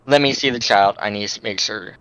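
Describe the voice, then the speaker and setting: A man voicing Delphina, a stern, protective figure who speaks in a low, threatening way in a tabletop game. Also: sharp tone, smooth, highs cut off.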